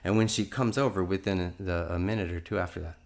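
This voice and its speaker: A man's voice: sits low, fairly even intonation, quick pace, gravelly. A man in his fifties telling a religious testimony in an earnest, rambling way, often restarting his sentences. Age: 50s. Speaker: testimony speaker.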